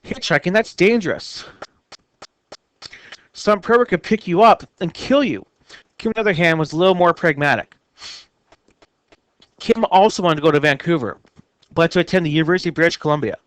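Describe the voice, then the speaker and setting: A male teacher reading a novel aloud to his class in steady narration with small slips. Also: fairly high pitch, brisk, pauses often, dry recording.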